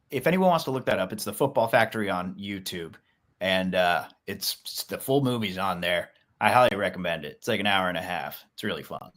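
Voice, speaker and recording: A man's voice: lowish voice, a bit bright. A man co-hosting a podcast in casual chat, rambling with lots of fillers. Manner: rambling, many fillers, laid-back. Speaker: podcast co-host.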